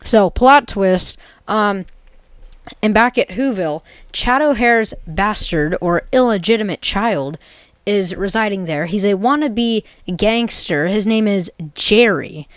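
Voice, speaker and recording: A woman's voice: mid-range voice, slow pace, dry recording. A woman retelling an absurd made-up story in a rambling, jokey way, full of "basically" and "like". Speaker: video creator.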